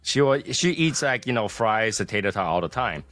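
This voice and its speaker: Low, lively podcast man explaining. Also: a little fast, dry recording, faint music behind. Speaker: podcast co-host. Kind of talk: casual chat.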